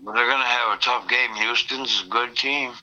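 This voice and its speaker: Priest guy chatting on the radio, super bright crisp voice, full of corny exclamations. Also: mid-range voice, steady tone, normal speed, lo-fi sound. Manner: folksy exclamations, old-fashioned expressions. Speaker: Catholic priest. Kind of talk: casual chat.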